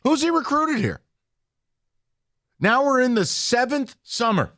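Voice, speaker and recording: A male sports radio host in a dry studio, his voice sitting fairly high and swinging widely as he rants. He sounds exasperated and animated. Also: fairly quick, no echo. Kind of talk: sports talk radio banter.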